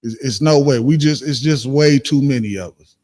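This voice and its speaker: A man with a Detroit accent telling stories and preaching in a casual, animated way during a livestreamed class, acting out what people said. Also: medium pitch, moderate pace, in a large hall. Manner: animated, acts out quoted exchanges, laughs often. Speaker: speaker in a livestreamed religious class.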